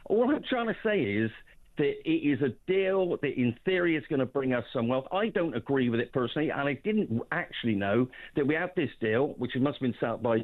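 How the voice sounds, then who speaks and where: A man's voice: mid-range voice, animated, fairly quick. A man calling in to a radio phone-in, arguing his point insistently and restarting his sentences. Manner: insistent, repeats himself, restarts. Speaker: phone-in caller. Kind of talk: phone-in argument. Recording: tinny phone line.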